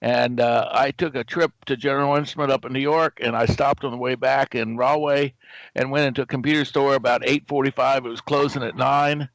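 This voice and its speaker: A man's voice: mid-range voice, a little fast, no room sound, low-quality recording. An older American man telling a story as a guest and acting out the lines he quotes. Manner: animated storyteller who acts out quoted dialogue. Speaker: guest, game company founder. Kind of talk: anecdotal storytelling.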